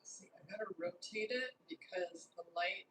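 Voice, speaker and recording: A woman chatting to the camera as a baking vlogger, excitable, gasping and giggling as she plates cake. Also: medium pitch, normal speed, distant mic, noisy background. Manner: talks to the camera while plating cake. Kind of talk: casual vlog chat.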